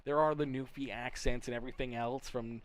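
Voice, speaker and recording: A man's voice: mid-range voice, fairly even intonation, fairly quick. A young Canadian man hosting a live sim racing broadcast, upbeat and folksy, chatting with viewers. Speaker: race broadcast host.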